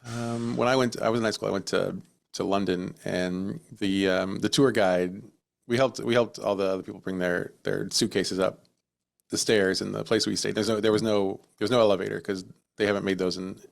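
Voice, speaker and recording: A man's voice: fairly low pitch, fairly even intonation, brisk, gravelly. An American man co-hosting a podcast in casual chat, joking and laughing often as he tells stories. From United States. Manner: jokey, laughs often, slips into silly voices when quoting people. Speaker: podcast co-host and storyteller.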